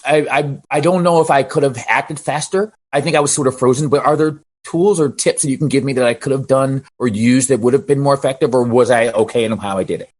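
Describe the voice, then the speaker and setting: A man who works as a DJ, telling an animated story and asking for advice on a video call, with halting restarts. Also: medium pitch. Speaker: DJ asking a question.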